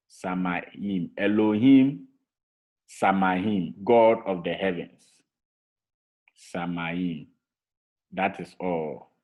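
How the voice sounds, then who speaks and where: A man teaching a Hebrew vocabulary lesson to a class over a video call, patiently repeating each word for drilling. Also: lowish voice. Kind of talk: online language lesson. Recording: tinny phone-like call audio.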